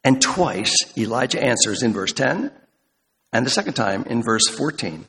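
Male pastor, mid-pitched, measured sermon delivery, slows down on quoted verses, hall reverb. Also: expressive, bright, forceful tone. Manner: deliberate, slows for quoted scripture.

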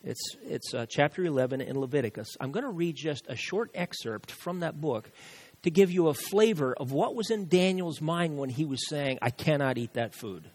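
A male pastor preaching a sermon, animated, with sudden rises and soft drops. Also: fairly high pitch, normal speed.

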